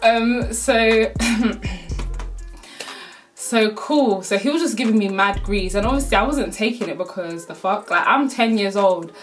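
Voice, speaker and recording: A woman's voice: mid-range voice, a little slow, soft background music. A young woman telling a casual storytime, full of slang and swearing, with laughs through the telling. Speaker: vlogger.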